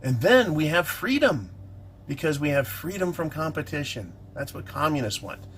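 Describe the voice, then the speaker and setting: A man's voice: a little high, big pitch swings, moderate pace, fairly bright tone, a little hiss or hum. A middle-aged man ranting in an indignant, sarcastic vlog monologue about politics. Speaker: political commentator.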